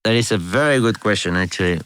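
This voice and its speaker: A middle-aged man from Spain with a thick Spanish accent, a guest telling animated stories in a casual interview, laughing often and restarting his sentences. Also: on the low side, fast talker, smooth. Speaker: guest, orchestra conductor.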